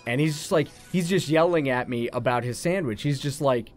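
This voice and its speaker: A man's voice: medium pitch, a little fast, faint music behind. A man co-hosting a gaming show, casually telling a rambling anecdote to his co-host. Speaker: co-host of a let's play channel. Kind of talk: casual gaming chat, storytelling.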